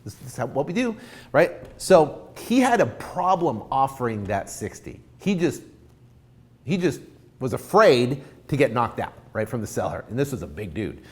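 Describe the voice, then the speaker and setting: A man coaching in a loose, talky way, his voice swinging high and low as he acts out both sides of a deal. He sits in a mid pitch but never stays flat for long. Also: normal speed. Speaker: real estate investing coach. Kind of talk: informal coaching talk.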